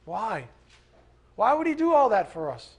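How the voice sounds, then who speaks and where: Guy preaching, high husky voice, chatty and animated. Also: unhurried. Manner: conversational, animated preaching with asides and acted quotes. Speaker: pastor. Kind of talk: sermon.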